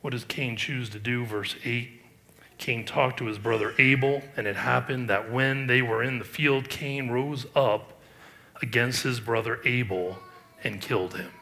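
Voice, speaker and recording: A middle-aged male pastor preaching a sermon, reading scripture aloud and commenting on it with emphatic rises and quiet asides. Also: mid-range voice, measured pace, gravelly.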